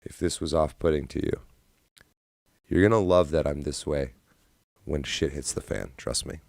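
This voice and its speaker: Low-voiced male streamer, rambling and profane, dry close sound. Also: moderate pace, vocal fry, pauses often, darkish tone, dry recording. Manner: rambling, profane, self-deprecating. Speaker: livestream host. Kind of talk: casual livestream chat.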